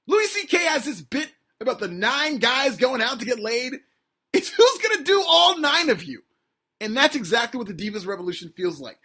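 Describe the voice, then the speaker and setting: A man hosting a podcast, delivering an opinionated, sarcastic solo rant that climbs toward near-shouting. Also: extremely high pitch, breathy edge. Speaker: podcast host.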